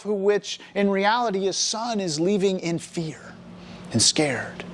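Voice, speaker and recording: High-pitched guy preaching, animated storyteller acting out the characters. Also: background noise. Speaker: preacher at a college ministry. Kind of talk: sermon, retelling a scripture story.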